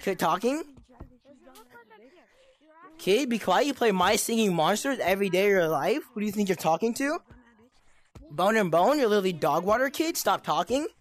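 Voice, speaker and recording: A young woman hammers out taunting, mock-tough insults in game voice chat. Her pitch sits at an ordinary middle height, and she keeps repeating the same jeering lines. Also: expressive, normal speed, pauses often. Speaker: gameplay streamer. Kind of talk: trash-talking in-game voice chat.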